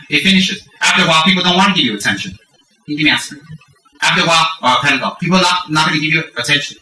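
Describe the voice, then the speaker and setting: A middle-aged man giving a Dharma talk, candid and self-mocking, acting out lively stories. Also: fairly high pitch, far from the mic. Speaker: Buddhist teacher. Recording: roomy echo from off-mic.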